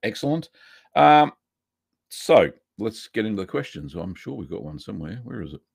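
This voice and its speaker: An Australian man hosting a casual live stream, chatting in a relaxed way and greeting viewers one by one. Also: on the low side, fairly quick, gravelly, breathy edge, no echo, studio quality.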